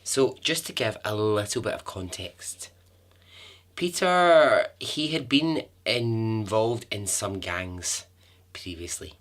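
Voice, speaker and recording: A man's voice: on the low side, animated, takes it slowly, fairly bright tone. A man hosting a podcast, telling a true-crime story in a chatty way with asides and the odd swear word. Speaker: podcast host.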